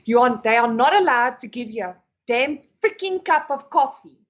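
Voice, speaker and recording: A woman vents in a casual podcast chat, her high voice sharp with exasperation. She swears freely and sounds fed up, talking as a frustrated beauty therapist. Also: animated, normal speed, highs cut off. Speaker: podcast co-host.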